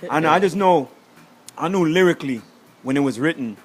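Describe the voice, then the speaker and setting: A man, a reggae artist, chatting as a studio guest and acting out quotes in animated stories. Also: a little high, brisk. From United States. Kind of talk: casual chat, storytelling.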